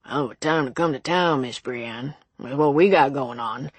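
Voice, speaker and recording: Folksy old shopkeeper in his seventies, blunt and chatty, read by a husky-voiced woman, dry sound. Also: very deep voice, measured pace, no echo, heavily acted. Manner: blunt, chatty small-town talk.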